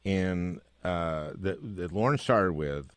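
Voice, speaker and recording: Man, lowish voice, chatty host, prompts his guest, dry studio sound. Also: expressive, slow pace, clear, resonant tone, no echo. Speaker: podcast host. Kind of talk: casual conversation.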